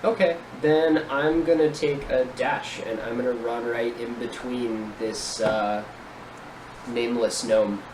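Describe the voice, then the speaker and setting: A player in a tabletop game, easygoing and quick to laugh. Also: medium pitch, fairly even intonation. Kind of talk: casual tabletop play. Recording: distant echoey mic with noise.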